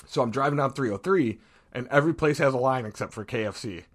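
A man's voice: medium pitch, quick pace. A man with an Ohio accent co-hosting a podcast, in casual chat, rambling through stories, acting out the quoted lines in voices and laughing as he goes. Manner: laughs often while telling stories. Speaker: podcast co-host.

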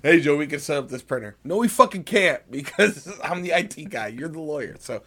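A man's voice: fairly high pitch, expressive, fairly quick, a bit bright. Swearing young man, casual podcast chat. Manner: swears a lot, interrupts himself. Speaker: podcast co-host.

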